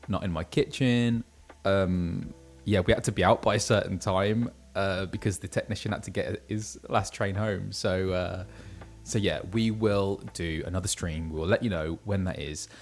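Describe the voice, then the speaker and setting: A man livestreaming from his kitchen, chatting casually with viewers and reading out their messages, with plenty of ums. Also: low-pitched. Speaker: livestreamer and voice actor. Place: his kitchen at home, indoors. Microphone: streaming setup with ring light.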